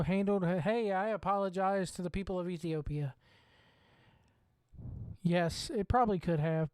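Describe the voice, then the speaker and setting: A man's voice: sits high, a little mellow, clear, resonant tone, no room sound. A man with a Southern US accent hosting a wrestling watch-along, ranting bluntly and swearing freely. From Southern United States. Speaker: wrestling show host. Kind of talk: opinionated watch-along commentary.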